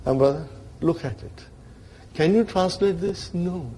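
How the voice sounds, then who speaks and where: A man's voice: fairly high pitch, unhurried, mellow, slight background noise. A man teaching an Arabic grammar lesson to a class, checking in with his students often and acting out the grammar as characters.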